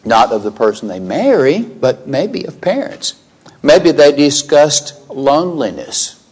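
A man preaching a sermon, emphatic and animated, acting out biblical characters' lines in quoted dialogue. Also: mid-range voice, measured pace, husky.

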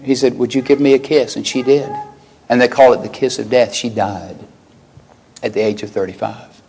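A man, older, preaching a sermon, animated, rising sharply in pitch when quoting and exclaiming. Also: moderate pace, slight background noise, rough recording.

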